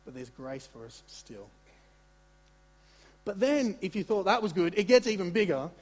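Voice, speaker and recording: Male pastor, husky and slightly high, animated sermon in a reverberant hall. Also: normal speed. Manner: conversational, animated preaching with asides and repetitions.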